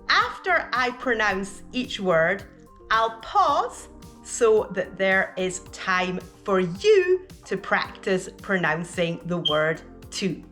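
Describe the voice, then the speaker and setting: A woman teaching English pronunciation, speaking slowly and deliberately and enunciating each word carefully so learners can repeat it. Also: mid-range voice, fairly bright tone. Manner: clear, careful enunciation of single words. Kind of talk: slow, deliberate teaching with pauses for repetition.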